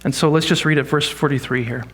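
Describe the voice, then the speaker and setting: Man, pastor, conversational sermon, fairly high voice, animated delivery. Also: fast. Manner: conversational, animated teaching with acted quotes. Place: church sanctuary.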